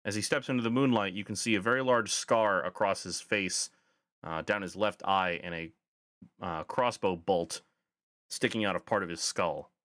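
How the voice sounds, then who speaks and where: A man's voice: deep voice, normal speed, a bit bright, no room sound, studio quality. A man narrating a tabletop game as game master, describing scenes with frequent fillers.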